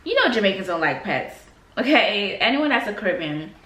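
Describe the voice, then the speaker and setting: A woman from Florida telling a story in a casual sit-down vlog, animated, emphatic and slangy. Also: medium pitch, brisk. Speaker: vlogger. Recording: roomy, mic a bit far.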